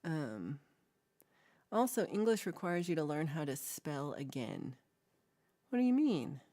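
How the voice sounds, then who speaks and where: A woman's voice: deep voice, big pitch swings, a little slow, warm tone. A woman chats on a livestream. She rambles through viewers' comments with playful, giggly asides, in a loose, casual way. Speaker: livestream co-host. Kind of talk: casual chat reading live comments.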